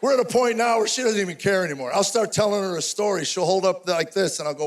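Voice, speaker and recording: High-voiced older man doing stand-up. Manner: rapid-fire storytelling, exasperated punchlines. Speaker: stand-up comedian. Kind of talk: live stand-up comedy. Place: stage before a live audience.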